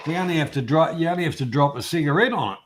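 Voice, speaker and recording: A man's voice: fairly high pitch, animated, very fast, a loud crowd. A man chatting casually as a guest, making dry, teasing remarks. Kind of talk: casual chat.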